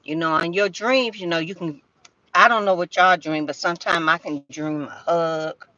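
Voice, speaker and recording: An older woman chatting casually on a livestream, talking straight to her viewers in a slow drawl. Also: lowish voice, sharp tone, dry recording, muffled recording. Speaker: live streamer. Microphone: phone.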